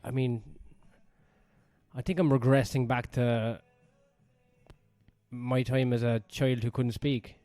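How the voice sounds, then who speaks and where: A man's voice: medium pitch, takes it slowly, long pauses, no room sound. Blunt, crude male podcast co-host. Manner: blunt, crude, deadpan quips. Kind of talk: casual chat. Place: indoors.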